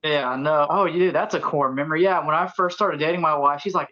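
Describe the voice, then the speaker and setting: A man's voice: fairly high pitch, fast, few pauses, bright, forceful tone. Joking male co-host, muffled sound. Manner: joking storyteller. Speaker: podcast co-host. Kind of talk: casual podcast chat. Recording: dull lo-fi sound.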